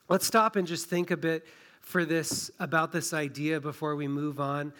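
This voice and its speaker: A man with a fairly high voice preaching in a relaxed, conversational way while pressing hard on key points. He sounds like a pastor talking through a passage with his own congregation in a small-town church. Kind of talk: sermon.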